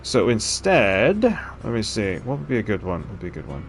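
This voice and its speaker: Chatty, lively-voiced male game streamer. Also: on the low side, moderate pace, a little hiss or hum. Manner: chatty, thinks aloud, frequent laughs. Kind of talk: casual gameplay commentary.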